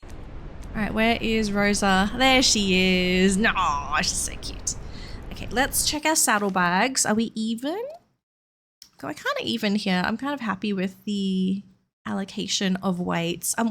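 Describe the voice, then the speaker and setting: A woman's voice: mid-range voice, a bit bright, slight background noise. A woman streamer giving casual, chatty let's-play commentary to her viewers. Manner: chatty, addresses viewers, frequent ums. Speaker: streamer playing a horse game.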